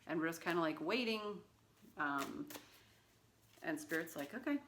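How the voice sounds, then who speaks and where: A woman with a low, deep speaking voice talks through a tarot reading in a loose, rambling way. She fills her talk with "um" and "like" and keeps going off on asides. A faint hiss sits under the recording. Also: measured pace. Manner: chatty, rambling, full of fillers and asides. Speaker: tarot reader. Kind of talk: casual tarot reading vlog.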